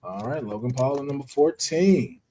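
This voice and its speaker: A man's voice: medium pitch, animated, moderate pace, warm tone, a little hiss or hum. A man with a Southern US accent, co-hosting a casual chat and leading the picks. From Southern United States. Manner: laid-back, leads the picks. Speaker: podcast co-host.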